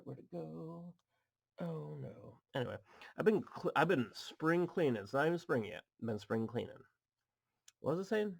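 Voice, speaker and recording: Dude with a gravelly voice opening card packs at home, dry close sound, reads card text out loud, goofs around a lot. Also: male voice, a little high, no room sound. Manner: chatty, reads card text aloud with goofy asides. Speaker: card pack opening host. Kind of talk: casual chat while opening cards. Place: home apartment.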